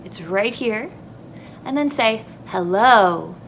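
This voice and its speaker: Woman teacher talking slowly to young kids. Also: mid-range voice, animated, fairly bright tone, a little hiss or hum. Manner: slow, clear teacher talk to young kids. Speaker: elementary music teacher. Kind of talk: video lesson for children. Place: empty classroom.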